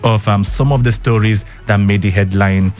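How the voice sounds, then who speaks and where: A man's voice: lowish voice, fairly even intonation, moderate pace, loud music behind the voice. A man hosting a radio show, talking casually to listeners and asking them questions with plenty of ums. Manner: chatty, talks straight to listeners with rhetorical questions and many ums. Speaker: radio host. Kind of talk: casual radio chat and news rundown. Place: radio studio.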